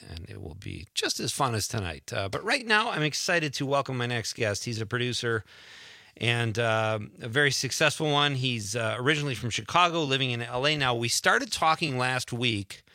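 An upbeat man hosts a talk radio interview, chatty and quick to laugh. His voice is bright and forward, with a mid-range pitch. The studio sound is close and dry. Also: no room sound. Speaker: radio show host.

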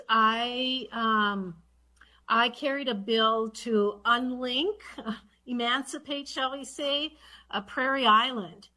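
A woman's voice: fairly high pitch, takes it slowly, pushed and bright. A woman who serves as a state legislator, talking casually with lots of ums and restarts. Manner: rambling with many fillers and restarts. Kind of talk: casual conversation.

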